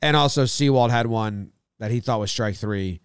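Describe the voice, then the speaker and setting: A man co-hosting a relaxed baseball podcast, digging into each pitch with animated detail. His voice is smooth and clear. It sits close to the mic in a dry room. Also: moderate pace, no room sound. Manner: animated, breaks down umpire calls in detail. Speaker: podcast co-host. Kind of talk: casual sports chat.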